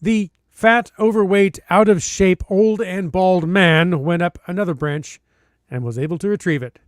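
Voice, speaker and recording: High-voiced man reading a story with flair. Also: no room sound, clean studio sound. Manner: dramatic, playful emphasis with comic pauses. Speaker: podcast host. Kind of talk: reading a listener's story aloud.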